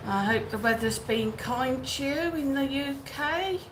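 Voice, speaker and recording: Speaking over music in a high, unhurried voice, a woman hosts a casual live stream from outdoors or home in Benidorm. She greets viewers by name and talks through their comments, on a low-quality recording with faint background noise.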